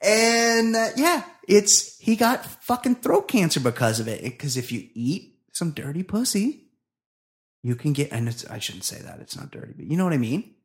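A man's voice: high voice, sing-song, normal speed. A man co-hosting a comedy podcast, talking loosely and crudely and reading listener emails aloud. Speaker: podcast co-host.

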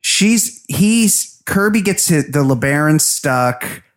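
A man co-hosting a comedy podcast, recapping a movie scene by scene in a loose, rambling way. He breaks into quick put-on voices for the characters as he goes. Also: a little high, expressive. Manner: rambling retelling, acting out characters' lines. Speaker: podcast co-host.

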